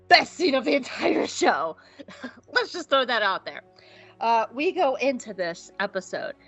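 A woman's voice: medium pitch, fairly bright tone. Jokey, profane woman podcast host. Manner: profane, jokey, acts out scenes in quick voices. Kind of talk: casual episode recap chat.

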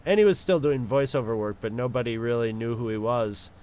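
A man co-hosting a podcast from home, telling stories in a relaxed, chuckling way. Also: medium pitch, brisk, clean tone, highs cut off. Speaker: podcast co-host. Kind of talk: casual podcast chat.

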